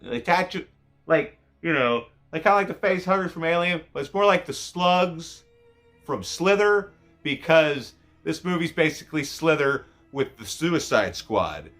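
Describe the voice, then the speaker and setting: A man's voice: animated, a little slow, a bit bright, faint music behind. A man giving a casual, rambling movie review, swearing often and cutting himself off mid-thought. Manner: profane, rambling, self-interrupting; voice jumps high when emotional.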